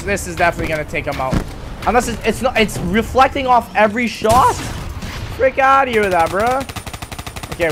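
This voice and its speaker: A young man giving excitable live commentary over a video game, swearing and talking to the characters on screen. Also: high voice, background noise. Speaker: gaming YouTuber. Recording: voice over loud game audio.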